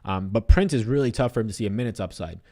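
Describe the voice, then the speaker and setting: A young man hosting a sports betting livestream, chatting loosely, reading viewer comments aloud and answering them. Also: fairly low pitch. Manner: fast, animated, loose and profane.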